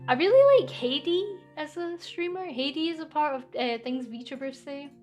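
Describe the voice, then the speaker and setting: This is a young woman with a Scottish accent hosting a casual question-and-answer stream. Her voice sits high, and she rambles from one thought to the next with easy self-deprecation. Soft music plays faintly underneath. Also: expressive, moderate pace. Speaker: VTuber streamer.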